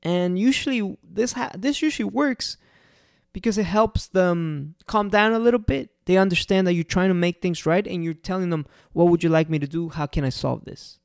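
Gravelly restaurant owner giving advice. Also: mid-range voice, normal speed, no room sound, studio quality. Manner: earnest, repeats key points for emphasis. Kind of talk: casual customer-service advice talk.

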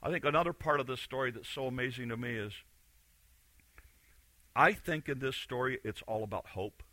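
A man's voice: medium pitch, normal speed, sharp tone, dry recording. A man preaching a sermon in a conversational, emphatic way, repeating key phrases. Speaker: pastor.

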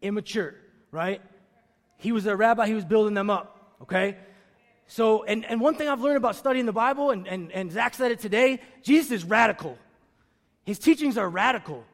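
A man with a high voice preaching a sermon, calling on the congregation to answer back and drumming in his main lines by saying them again and again. His voice rings out with a long reverb, as if he is in a big church sanctuary. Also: normal speed. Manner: call-and-response with the congregation; emphatic, repeats key phrases. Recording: long reverb of a large room.

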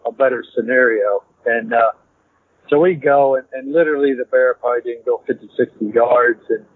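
Man, hunting story, rambling and animated, husky voice, tinny phone-like line. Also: medium pitch, brisk, no echo. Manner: rambling, animated, repeats "I said" to act out dialogue. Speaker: podcast guest, hunter. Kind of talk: casual storytelling.

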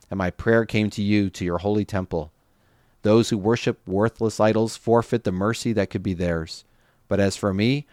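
A remorseful prophet, read by a man in a low, solemn voice. The prayer comes quiet and earnest, recorded close and dry. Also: dry recording, close to an everyday voice. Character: remorseful male prophet, adult.

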